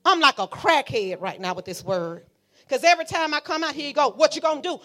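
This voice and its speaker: A woman pastor preaches in church, her voice high, bright and ringing. She talks to the congregation in a fiery, conversational way, slipping into quiet asides and then rising to shouts. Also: lively intonation, a little fast, faint music behind. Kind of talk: sermon. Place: church sanctuary.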